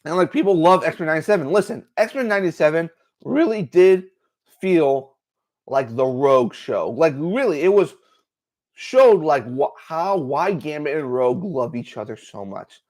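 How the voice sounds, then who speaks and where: Excitable male livestream host, slightly higher voice, lively swinging pitch, full of fillers. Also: normal speed. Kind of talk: casual livestream commentary.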